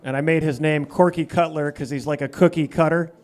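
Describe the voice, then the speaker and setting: A stand-up comedian guesting on a radio talk show, chatting earnestly and a little ramblingly. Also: male voice, a little high, fairly even intonation, a little fast, a little mellow. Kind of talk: casual chat. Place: radio studio.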